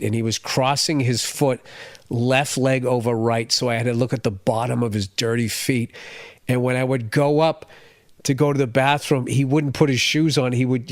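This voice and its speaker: A man's voice: medium pitch, no room sound. A man down with the flu rants through a profane travel story in casual podcast talk. His voice sits in a middle range, recorded very dry and close. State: sick with the flu.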